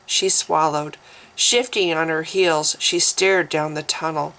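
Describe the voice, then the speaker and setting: A woman reading her own fantasy novel aloud as narrator, slowly and deliberately. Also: low-pitched, fairly even intonation, a bit bright, rough recording.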